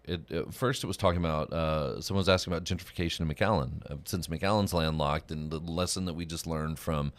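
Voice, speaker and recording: Male morning host, very deep voice, easygoing rambling storyteller. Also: a little fast, hardly any pauses. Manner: rambling storyteller with restarts and laughs. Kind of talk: casual chat.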